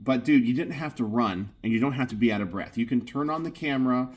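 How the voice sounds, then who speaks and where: Husky-voiced man ranting on camera. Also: mid-range voice, quick pace. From Texas. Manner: emphatic, keeps saying "okay?". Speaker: gun channel host. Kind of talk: casual commentary.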